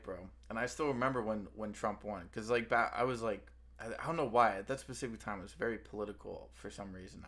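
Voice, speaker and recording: A man's voice: lowish voice, a bit bright. A man chatting casually as a co-host, telling a story in loose, slangy speech that restarts often. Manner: rambling, restarts a lot, slangy. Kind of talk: casual chat.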